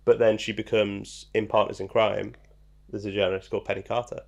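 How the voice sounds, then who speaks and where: Man, podcast co-host, gravelly low edge, reads trivia casually with lots of ums and jokes. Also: flat delivery, brisk. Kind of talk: casual chat.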